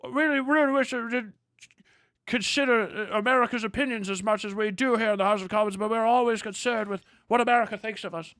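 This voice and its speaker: Man doing a high, pompous, servile politician parody, dry close mic. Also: fairly even intonation, fast, fairly bright tone, no room sound. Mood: mock-earnest. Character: pompous male Australian politician, groveling and servile.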